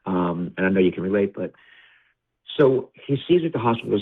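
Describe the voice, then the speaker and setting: A fast-talking man with a very low, husky voice tells a personal story as an interview guest. He puts on his father's voice by going louder and higher, then drops low and tearful. The sound comes over a tinny, phone-like line. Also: expressive. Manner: acts out his father's lines in a raised voice.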